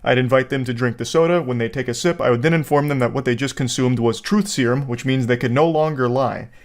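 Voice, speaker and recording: A man giving casual comedic commentary, joking in a deadpan, mock-serious way. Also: medium pitch, quick pace. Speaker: online commentator.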